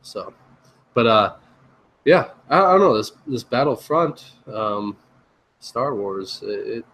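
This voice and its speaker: A man co-hosting a podcast who sounds nasal with a slight lisp from a sinus issue, speaking hesitantly with many pauses. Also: mid-range voice, lively intonation, a bit bright, low-quality recording. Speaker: podcast co-host. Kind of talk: casual chat.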